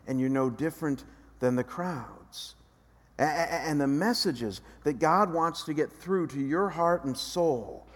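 Pastor preaching in a reverberant hall. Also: male voice, a little high. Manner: swings from hushed reflection to loud animated emphasis, acts out voices. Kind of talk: sermon.

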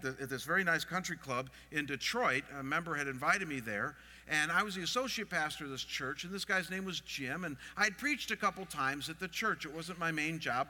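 Expressive preacher with a bright voice. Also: male voice, a little high, a little fast, hardly any pauses, in a large hall. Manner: expressive, asks the audience questions. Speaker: pastor. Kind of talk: sermon.

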